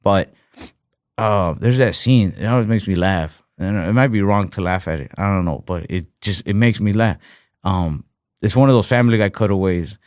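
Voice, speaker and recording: Man, young adult, low voice, rambling casual podcast chat, dry close sound. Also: normal speed, a little mellow, dry recording. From United States. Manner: rambling, heavy on fillers like "like" and "fucking". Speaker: podcast co-host.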